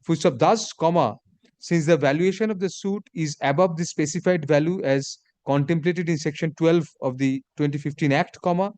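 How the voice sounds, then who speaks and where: Judge, man, dictates orders slowly with spoken punctuation, higher voice, dry close sound. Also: a little mellow, dry recording. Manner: measured dictation, reads punctuation aloud. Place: courtroom.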